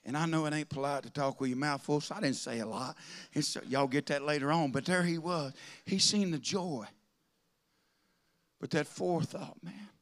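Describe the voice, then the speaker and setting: A man's voice: a little high, normal speed. A man preaching a sermon, telling folksy stories that rise into fervent preaching.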